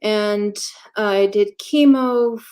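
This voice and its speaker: Woman, interview guest, slow, hesitant, frequent fillers, candid, medium pitch. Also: a little mellow. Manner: halting, with frequent pauses and fillers; candid, matter-of-fact. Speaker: interview guest sharing her story. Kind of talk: casual conversational storytelling.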